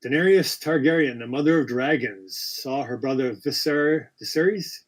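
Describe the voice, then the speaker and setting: A man hosts a casual live-stream quiz in an average-pitched voice. He reads questions out with chatty asides, quick apologies and frequent self-corrections. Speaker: quiz host.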